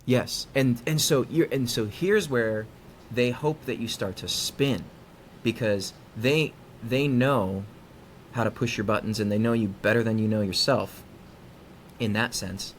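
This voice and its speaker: A man, a psychologist being interviewed, explaining in a conversational way and acting out quoted dialogue with lively inflection. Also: mid-range voice, measured pace, a little hiss or hum. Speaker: guest psychologist.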